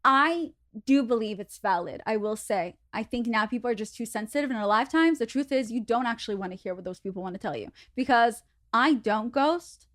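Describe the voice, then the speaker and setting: A woman's voice: fairly quick, no echo, studio quality. A woman from Russia, a podcast guest chatting casually and acting out quotes with big jumps in her voice. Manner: animated, acts out quotes with big pitch jumps. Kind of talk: casual chat.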